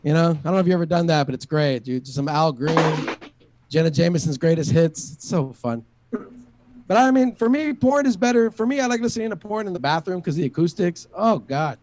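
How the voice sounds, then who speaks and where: A man doing a stand-up comedy set, his voice high for a man and a bit distant from the mic. He rambles through profane, self-deprecating stories, packing his lines with "like" and "dude.". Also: lively intonation, a little fast, darkish tone, a little hiss or hum. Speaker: stand-up comic.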